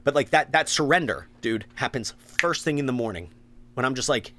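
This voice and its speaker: A man's voice: medium pitch, lively intonation, a little fast, bright, forceful tone. A man co-hosting a podcast, talking earnestly about recovery, swearing and acting out his own thoughts. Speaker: podcast co-host. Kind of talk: casual recovery talk.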